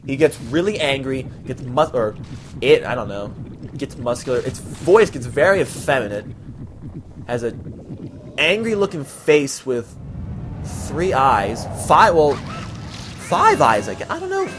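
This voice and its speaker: Animated, rambling young man. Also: mid-range voice, a little slow, long pauses, background noise. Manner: rambling, jokey, easily sidetracked. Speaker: let's play host. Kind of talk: let's play game commentary.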